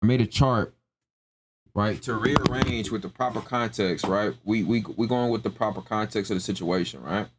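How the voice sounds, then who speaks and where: A man's voice: lowish voice, moderate pace, noisy background. A young man ranting emphatically in slangy casual talk on a live stream, repeating his points. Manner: emphatic, repetitive, slangy, keeps asking "you know what I'm saying".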